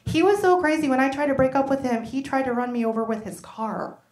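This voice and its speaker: A woman performs a stand-up set, lively and quick to slip into the voices of people in her stories. Her voice sits high. The sound carries the echo of a live room. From United States. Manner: animated, acts out voices in quoted bits. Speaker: stand-up comedian. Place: comedy venue stage.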